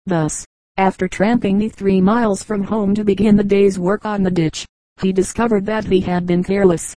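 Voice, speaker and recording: A woman reading a collection of humorous anecdotes as an audiobook, in an even, measured storytelling manner with lightly acted quotes. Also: medium pitch, no echo, poor audio. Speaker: audiobook reader. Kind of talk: scripted narration of humorous anecdotes.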